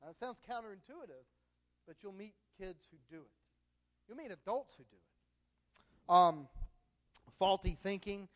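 A middle-aged man giving a sermon as a pastor, speaking conversationally and illustrating points with stories from his own life. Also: high-pitched.

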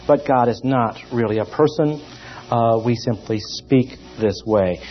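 A man teaching a theology class in a lively, emphatic lecture style, pausing often. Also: mid-range voice. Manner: lively and emphatic, with many pauses. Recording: dull lo-fi recording.

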